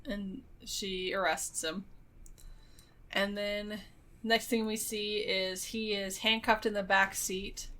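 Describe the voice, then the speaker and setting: A woman's voice: mid-range voice, bright, forceful tone. A woman co-hosting a podcast, casually retelling a film's plot with lots of fillers and little laughs. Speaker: podcast co-host. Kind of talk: casual movie recap chat.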